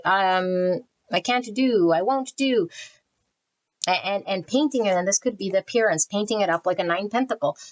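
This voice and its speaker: A woman giving a casual, rambling tarot card reading, often restarting phrases and sometimes shifting into a soft prayerful tone when calling on spirit. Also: mid-range voice. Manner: chatty, repeats and restarts phrases, intuitive rambling. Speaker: tarot reader.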